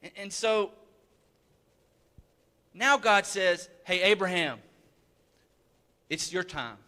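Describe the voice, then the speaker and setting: A man preaching a sermon with a high, bright, forceful voice. He speaks earnestly and conversationally, doubling back on words to drive a point home. His voice carries the long reverb of a church hall. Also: takes it slowly. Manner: earnest, emphatic, conversational, repeats words for stress. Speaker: pastor. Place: church sanctuary.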